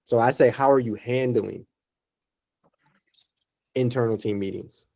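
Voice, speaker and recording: A man's voice: medium pitch, measured pace, vocal fry, long pauses, dark tone. A man on a sales team call, talking casually through an example question. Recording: muffled lo-fi call audio.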